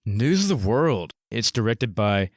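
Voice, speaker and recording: Man, lowish voice, relaxed movie recap, dry close mic, podcast chat. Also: measured pace, no echo. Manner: easygoing, hesitant with fillers while summarizing. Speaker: podcast co-host. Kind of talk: casual movie discussion.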